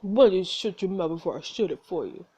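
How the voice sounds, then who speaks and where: A woman voicing a hulking, intimidating male lighthouse keeper in a thick put-on Russian accent, slow and menacing. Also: lowish voice, warm tone. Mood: threatening.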